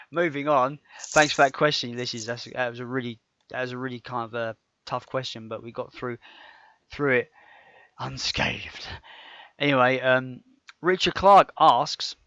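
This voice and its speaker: A man's voice: medium pitch, fairly bright tone, no room sound. Rambling man on a podcast. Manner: rambling, stumbling restarts, enthusiastic. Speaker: podcast co-host. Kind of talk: casual podcast chat. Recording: dull dry lo-fi podcast audio.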